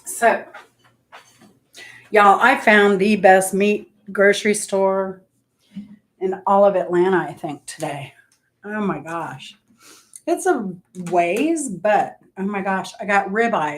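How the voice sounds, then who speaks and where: Woman, unhurried, casual rambling livestream chat. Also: mid-range voice. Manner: chatty and rambling, talks to viewers by name. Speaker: livestream host chatting with viewers.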